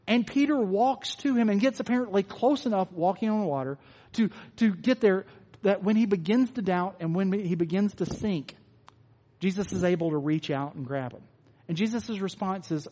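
High-voiced man preaching in a reverberant hall. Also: normal speed. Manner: conversational, animated, self-correcting restarts. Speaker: pastor. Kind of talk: sermon.

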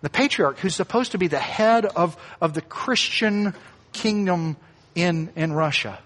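A man's voice: sits high, measured pace, fairly bright tone, slight background noise. Man preaching a sermon in a reverberant church. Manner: conversational, acts out quoted lines, light asides. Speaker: pastor.

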